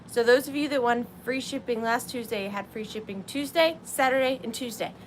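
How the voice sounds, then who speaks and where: A woman's voice: on the high side, moderate pace, a little hiss or hum. A woman hosting a live vintage sale stream, chatty and effusive, often apologizing and gushing over her viewers. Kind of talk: live-stream sales chat.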